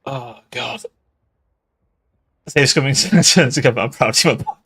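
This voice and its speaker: A man's voice: medium pitch, normal speed, pushed and bright, breathy edge. Tipsy, swearing man streaming a game. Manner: swears a lot and laughs often. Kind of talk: casual gaming livestream commentary.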